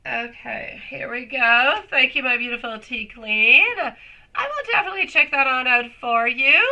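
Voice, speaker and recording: A woman's voice: high voice, expressive, a little slow, sharp tone, lo-fi sound. A woman doing a live tarot reading, chatty and affectionate, calling viewers sweetie and love, her voice still a little off while she recovers. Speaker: tarot reader.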